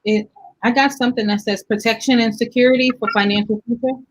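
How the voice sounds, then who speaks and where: A woman's voice: fairly high pitch, steady tone, fast, rough recording. A woman hosting a casual talk show, speaking candidly and directly with short firm agreements. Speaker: show host. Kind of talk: casual chat.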